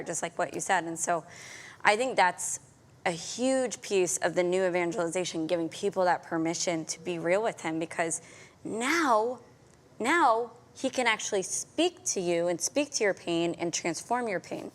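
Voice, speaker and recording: Female host, lower voice, affirming and reflective in conversation. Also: moderate pace. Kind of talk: conversational interview.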